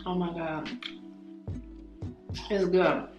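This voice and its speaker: A woman's voice: fairly low pitch, flat delivery, very slow. A young woman vlogging casually to camera about wellness, chatty and playful, dropping to murmurs as she eats. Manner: chatty and playful, drops to murmurs while eating. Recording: echoey room, faint music behind.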